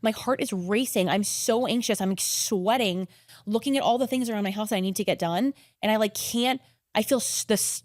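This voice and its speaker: A woman in her thirties talks quickly and eagerly as a podcast guest, piling up "like"s. Her words tumble out in a chatty rush. The sound is close and dry. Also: medium pitch, no echo. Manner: rapid, animated, filler-heavy with many "like"s. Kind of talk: casual conversational storytelling.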